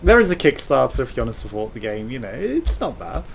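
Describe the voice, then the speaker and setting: A man's voice: mid-range voice, sing-song, fast talker, creaky. British guy doing a let's play, reads the game text out, jokes and swears, bouncy voice, faint hiss. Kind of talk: game commentary.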